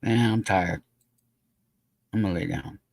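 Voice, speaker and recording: A man's voice: low-pitched, measured pace, vocal fry, a little mellow, no room sound. A man hosting a casual livestream, rambling and talking bluntly with plenty of swearing. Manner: profane, blunt, laughing. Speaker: livestream host.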